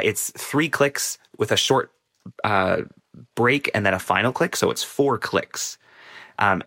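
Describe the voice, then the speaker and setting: A man's voice: fairly low pitch, a bit bright, dry recording, clean studio sound. A man, a professor, explaining a science news story in casual radio chat. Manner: explanatory, with fillers and restarts.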